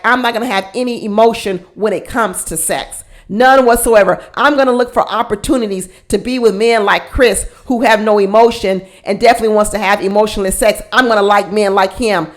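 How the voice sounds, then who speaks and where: A woman imitating a cold, controlling female contestant who speaks in flat, self-assured declarations. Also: medium pitch, fairly quick, hardly any pauses, close to an everyday voice. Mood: defiant.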